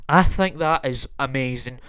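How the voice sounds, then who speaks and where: Theatrical young man ranting, crisp and dry. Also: mid-range voice, normal speed, fairly bright tone, no room sound. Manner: exaggerated, repetitive, theatrical ranting. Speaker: podcast host. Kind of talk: comedic rant.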